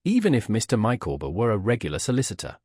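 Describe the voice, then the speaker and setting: A man's voice: lowish voice, huge pitch swings, quick pace, a little mellow, breathy edge, no echo, clean studio sound, heavily acted. A man reading a mild, patient young clerk. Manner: mild and plain, patiently explanatory. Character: mild, careful young man explaining the law.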